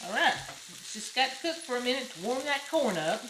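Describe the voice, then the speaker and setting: A woman's voice: fairly high pitch, very animated, a little fast. A woman with a Southern US accent hosting a casual home cooking demonstration, chatty and folksy, exclaiming over the food. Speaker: cooking show host. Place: home kitchen. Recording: roomy kitchen with loud frying noise. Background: sizzling pan and utensil clicks.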